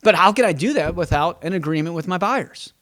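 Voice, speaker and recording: A man with a high, expressive, fairly bright voice talks at a brisk clip while hosting a real estate podcast as an agent. He thinks aloud casually and emphatically, tripping over and repeating words, and dramatizes his exchanges with clients in quotes.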